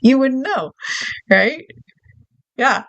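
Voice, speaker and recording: A woman's voice: high voice, animated, drawn-out words, a bit bright, no echo. Chatty New York-born woman co-host. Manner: chatty, laughs often, answers listener questions. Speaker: podcast co-host. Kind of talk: casual podcast chat.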